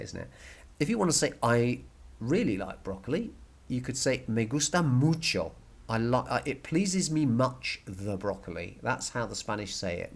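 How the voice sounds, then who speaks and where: A man teaching a recorded Spanish grammar lesson, patient and repeating words slowly for learners. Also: lowish voice, vocal fry, breathy edge.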